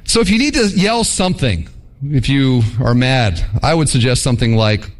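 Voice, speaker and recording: Animated man preaching. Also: mid-range voice, moderate pace. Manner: animated, mock voices for illustrations. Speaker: pastor. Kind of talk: sermon.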